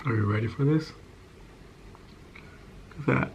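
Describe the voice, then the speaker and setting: Between bites in his apartment, a man who makes ASMR and vlog content talks in a loose, candid way, letting his sentences trail off. His gravelly voice sits at a medium pitch and moves a little slowly. Cars can be faintly heard passing outside.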